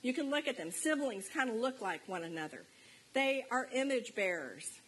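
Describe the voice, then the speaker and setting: A woman's voice: on the high side, sing-song, moderate pace, fairly bright tone, breathy edge, poor audio. A middle-aged woman giving a conversational sermon in church, speaking earnestly and plainly and reading scripture aloud. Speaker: preacher. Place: church service.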